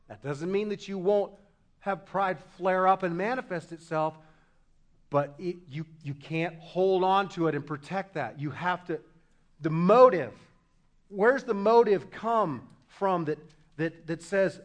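A man preaching a sermon as pastor, impassioned, swinging from loud emphasis to hushed lows. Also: measured pace.

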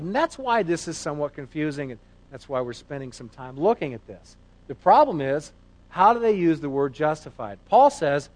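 Middle-aged male pastor, preaches conversationally with lively rhetorical questions, a touch high-pitched. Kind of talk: sermon.

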